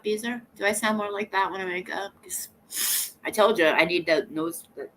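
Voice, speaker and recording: A woman's voice: mid-range voice, brisk, fairly bright tone. A woman hosting a casual live stream, sassy and teasing, often breaking into laughter. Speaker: livestream host.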